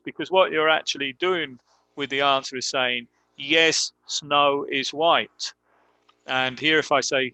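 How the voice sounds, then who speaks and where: A man teaching an English grammar class online, explaining slowly with many ums and modelling example sentences aloud. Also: medium pitch, pushed and bright, no echo. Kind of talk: live online grammar lesson.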